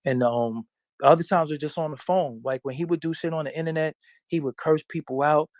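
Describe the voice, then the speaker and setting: A man's voice: fairly high pitch, a little fast, darkish tone, no room sound, clean studio sound. A man being interviewed, talking in a boastful, profane and emphatic way. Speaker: interview guest.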